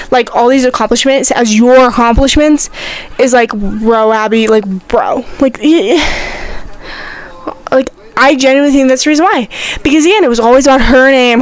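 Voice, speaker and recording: A young woman with a high voice hosts her own podcast and talks it through alone. She sounds animated and indignant, and she leans on "like" and "I'm sorry" as she rants in a casual, offhand way. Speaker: podcast host. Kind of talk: casual solo podcast chat.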